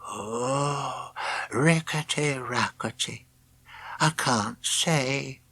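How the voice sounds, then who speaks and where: A man voicing a very old, kindly painter in a storybook, speaking softly, slowly and a bit absently. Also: medium pitch, husky, full character voice. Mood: soft wandering. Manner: soft, slow, wandering speech.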